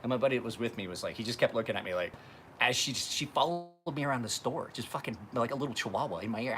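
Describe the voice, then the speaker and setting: A man's voice: fast talker, fairly bright tone. A man telling rambling, profane stories while sharpening knives on a live stream. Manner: profane, rambling anecdotes, acts out other voices in high tones. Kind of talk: casual livestream storytelling. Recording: faint background noise.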